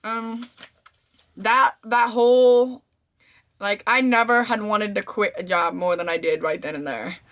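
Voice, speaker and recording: Young adult woman, deaf speaker's voice, casual vlog storytelling, bright tone, slangy. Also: lowish voice, moderate pace, hardly any pauses. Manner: animated storytelling, slangy, acts out quotes. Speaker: vlogger. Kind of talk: casual talking-to-camera recap.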